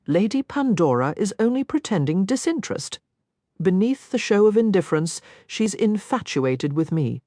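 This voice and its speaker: A woman's voice: mid-range voice, big pitch swings, normal speed, dark tone, no room sound. A woman voicing a charming young nobleman who speaks in a teasing, mischievous way, recorded dry and close for an audiobook.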